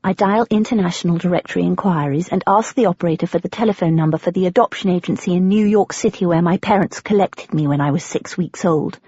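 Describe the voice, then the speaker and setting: British woman narrator, first-person audiobook, husky edge, lo-fi dry recording. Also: fairly low pitch, quick pace, few pauses, no echo. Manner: expressive, with breathless, flustered quoted speech.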